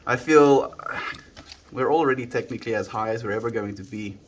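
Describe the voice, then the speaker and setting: A man's voice: mid-range voice, fairly quick, a little hiss or hum. A South African man with a mid-range voice, talking easygoingly to his viewers from home. He muses and drifts between thoughts, greeting people by name, picked up on a phone held in his hand. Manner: laid-back, musing, thanks viewers by name. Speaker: livestreamer. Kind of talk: casual livestream chat with viewers. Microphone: handheld phone.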